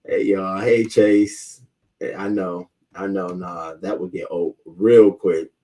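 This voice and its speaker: A man's voice: low-pitched, steady tone, slow, dark tone, recorded from a distance. A man hosting a live stream, greeting chat viewers by name and ranting in a heated, profane way about a neighbor's barking dog. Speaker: host. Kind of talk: casual live-stream rant.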